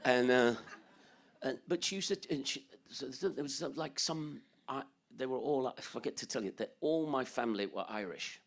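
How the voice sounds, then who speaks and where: An older English musician, interviewed as a guest, tells rambling, joking stories and laughs often, sometimes breaking into song or quoted voices. His voice is medium-pitched and creaky at a normal speed.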